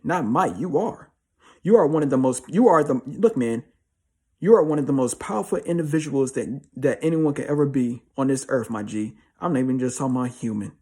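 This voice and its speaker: Husky young man, slangy motivational talk. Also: medium pitch, expressive, fairly quick, mellow. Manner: slangy, emphatic, repeats himself. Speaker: motivational speaker. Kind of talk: motivational monologue.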